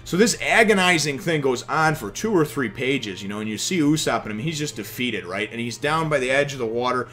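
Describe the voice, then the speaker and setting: A man in his thirties casually reviewing a comic chapter from his home office, animated and emotional, swearing now and then. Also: medium pitch, brisk, hardly any pauses.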